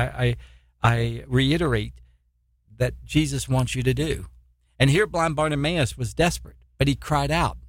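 A man's voice: medium pitch, gravelly, no room sound, clean studio sound. A man preaching a sermon as a missionary, fervent, full of rhetorical questions and repeated words.

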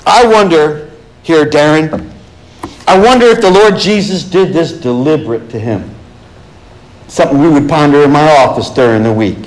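A man's voice: fairly high pitch, poor audio. A middle-aged man preaching a sermon, reading scripture aloud and stressing it with emphasis. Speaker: pastor.

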